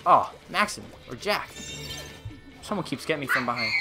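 A man's voice: medium pitch, animated, moderate pace, pauses often, over music. A man giving playful, goofy running commentary while livestreaming a game. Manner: playful and goofy, hyped exclamations. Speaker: gaming streamer. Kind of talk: casual gaming livestream commentary.

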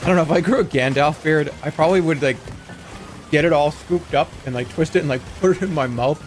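A man's voice: on the high side, quick pace, faint music behind. A man in his thirties chatting casually on a livestream, telling rambling stories and breaking into sudden yelps. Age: 30s. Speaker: streamer.

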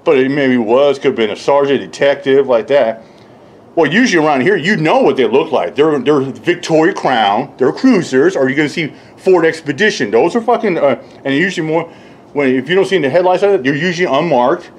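A man ranting casually and profanely, rambling and mocking others, often laughing and mimicking them in high voices. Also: lively intonation, a little fast. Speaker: YouTube commentator. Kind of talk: casual rant.

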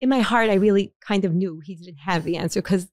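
A woman's voice: mid-range voice, brisk, darkish tone, no room sound. A woman from Montreal, a guest in an interview, telling a personal story in an earnest way, often repeating words and restarting phrases. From Montreal, Canada. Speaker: interview guest, bereaved mother.

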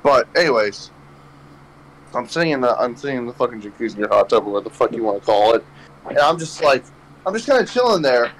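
A man's voice: medium pitch, very animated, quick pace, poor audio. Rambling young man telling a stoner story. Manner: rambling, heavy swearing, laughing at own jokes. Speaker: podcast host. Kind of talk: casual storytelling chat.

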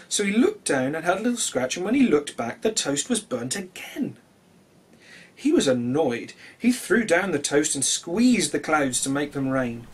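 Brief: expressive children's story narrator, male, slightly high, animated delivery. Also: husky. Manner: gentle, expressive, animated reading.

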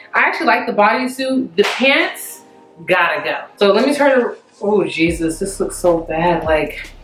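A woman's voice: medium pitch, a bit bright. A young woman chats through a clothing try-on, peppering her talk with "like" and sighing at what doesn't fit. The room rings with echo. Faint music plays underneath. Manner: chatty, exasperated, frequent "like" fillers. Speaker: fashion vlogger. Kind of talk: casual try-on haul chat.

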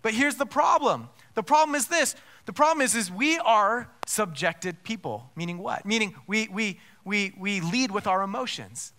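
In an emphatic sermon, a pastor with a notably high, bright voice hammers his points home through rhetorical questions and piles of restarted phrases. He's animated, speaks at normal speed, and barely pauses.

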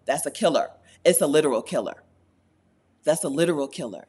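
A woman hosting a casual live stream, reading chat comments aloud, animated and laughing often, repeating her points for emphasis. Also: low-pitched, fairly quick, background noise. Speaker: YouTube host answering live chat.

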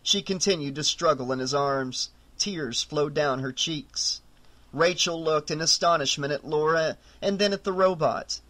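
Horror audiobook narrator, man, bright forceful tone, slightly high. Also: measured pace.

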